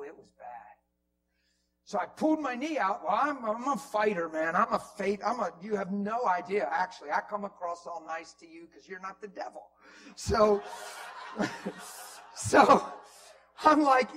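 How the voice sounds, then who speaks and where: A man preaching in a church, telling a story with animated swings from loud bursts to near whispers. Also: high voice, unhurried, slight background noise, low-quality recording. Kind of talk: storytelling sermon. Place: church hall.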